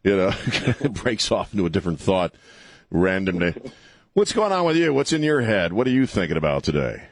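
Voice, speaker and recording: A middle-aged man hosts a talk radio show, trading wry jokes with his guest. His voice sits very low, and the studio mic sounds dry and close. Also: sing-song, no room sound. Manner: joking, wry, drops into quick put-on voices. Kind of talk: casual talk radio chat. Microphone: studio microphone.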